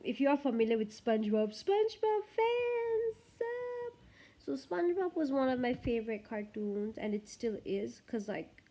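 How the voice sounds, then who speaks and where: A woman's voice: a little high, brisk, hardly any pauses, warm tone. A woman vlogger talking casually to the camera in a chatty, rambling way.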